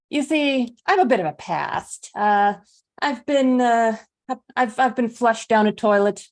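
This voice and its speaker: Woman doing a worn-out toy doll, chipper, gravelly voice. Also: on the high side, slow. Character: battered, upbeat female toy doll. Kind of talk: improv comedy character. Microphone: video call.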